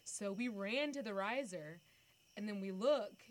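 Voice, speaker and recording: A young woman telling a story in a casual chat, animated and quick to shout when she acts it out. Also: medium pitch, slight background noise. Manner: animated, breaks into loud screams when acting out the story.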